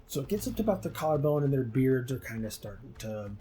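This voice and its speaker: A man's voice: medium pitch, big pitch swings, fast, warm tone, faint music behind. A man hosting a game video, casually retelling a myth with lots of fillers. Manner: rambling, many fillers. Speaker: gaming channel host.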